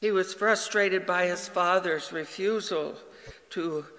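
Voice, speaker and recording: Male pastor, sermon delivery, bright slow voice with long reverb. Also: high-pitched. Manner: slow, earnest preaching with quoted dialogue.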